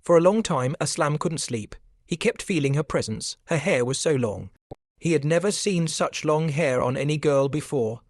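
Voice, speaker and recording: A man narrating a scripted supernatural story in a steady, even storytelling manner. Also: fairly high pitch, normal speed, dry recording. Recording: dry close recording.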